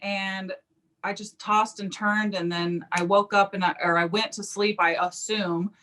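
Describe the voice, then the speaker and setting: A woman's voice: mid-range voice, a little slow. A woman, a psychic medium, telling a personal story in an interview and acting out the quoted speech. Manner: animated, acts out quoted speech.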